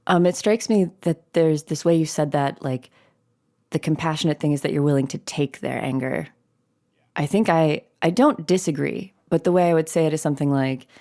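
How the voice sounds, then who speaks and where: A woman guest on a podcast, speaking in a thoughtful, measured way. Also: low voice, mellow. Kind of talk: conversational podcast talk.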